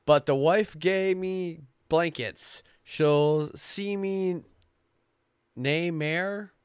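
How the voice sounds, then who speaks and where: A man voicing a small male brownie spirit in a stiff, halting attempt at a Scottish lilt, lamenting as he reads a folk tale aloud. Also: a little high, clean tone, dry recording, clean studio sound, voice pushed up.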